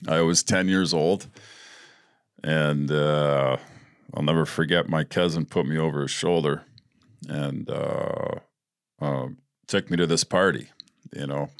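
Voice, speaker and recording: Brief: man, very low voice, podcast host, casual profane storyteller, dry close sound. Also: fairly even intonation, slow, gravelly, pauses often, smooth, dry recording. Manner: blunt and profane, laughing through his stories.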